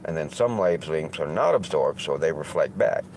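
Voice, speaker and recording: Deep-voiced Southern man, rambling and cussing. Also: expressive, normal speed, a little mellow, a little hiss or hum, low-quality recording. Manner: rambling and heavily profane. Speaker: streamer host. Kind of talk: casual livestream monologue.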